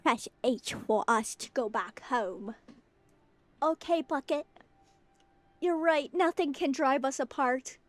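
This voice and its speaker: Slow-talking playful woman streamer. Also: high-pitched. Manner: playful, flirty, talks to chat. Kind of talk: casual game streaming.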